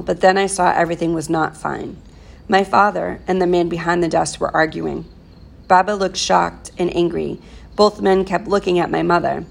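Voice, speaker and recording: A woman teacher reads a novel aloud for her class in a plain, steady storytelling manner. Her voice is fairly low and strongly gravelly, with heavy fry. It sounds like an unhurried read-aloud.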